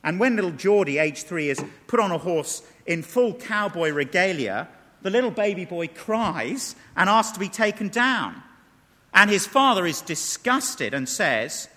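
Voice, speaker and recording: Guy preaching, high bright voice, emphatic, big echoey church. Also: very animated, measured pace. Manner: emphatic, rhetorical questions, reads quotes aloud. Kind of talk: sermon. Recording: long reverb of a large hall.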